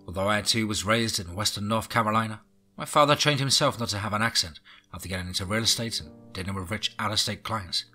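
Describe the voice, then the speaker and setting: A man reading a horror audiobook in a low, brooding way with whispered asides. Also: pushed and bright, husky. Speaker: audiobook narrator.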